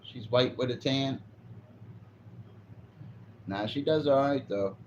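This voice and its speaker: A man talks in a loose, rambling way as a live streamer, reacting to chat and swearing freely. His voice sits at an ordinary middle pitch. The audio is dull and lo-fi, with a faint hiss underneath. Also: slow. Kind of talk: casual chat.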